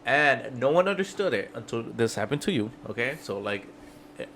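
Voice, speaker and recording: A man's voice: mid-range voice, very animated, normal speed, a bit bright, slight background noise. A man on a podcast as a guest, telling a casual, profane work story that keeps breaking into laughter. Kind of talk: casual chat.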